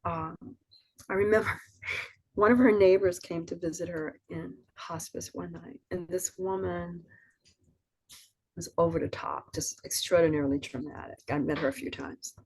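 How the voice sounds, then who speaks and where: Soothing, husky older woman storyteller. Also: on the low side, unhurried. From Southern US. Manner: soothing, reflective, lively when quoting others. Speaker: poet, interview guest. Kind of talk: reflective storytelling interview.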